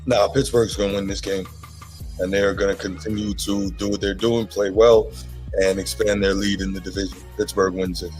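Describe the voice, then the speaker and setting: A man's voice: low-pitched, level tone, moderate pace, a little mellow, soft background music, rough recording. A man co-hosting a casual football podcast, laid-back and decisive with his picks. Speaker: podcast co-host. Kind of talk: casual sports podcast chat.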